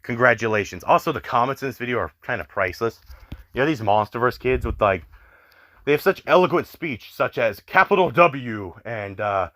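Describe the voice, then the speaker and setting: A man's voice: medium pitch, lively intonation, moderate pace, fairly bright tone. A young man ranting in exasperated online commentary, swearing often and filling his talk with "like". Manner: exasperated, swears a lot, many fillers. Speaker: commentary youtuber.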